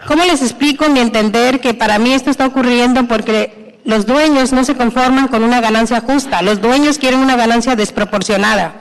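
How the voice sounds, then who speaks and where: A woman from a tenants' union giving earnest public comment, pausing for her interpreter. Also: a little high. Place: city council chamber. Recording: long echo in a council chamber.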